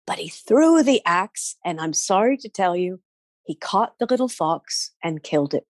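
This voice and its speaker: A woman telling a folk tale, animated, with sound effects and asides to her listeners. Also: lowish voice, normal speed, dry recording. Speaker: storyteller. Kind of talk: oral folk storytelling.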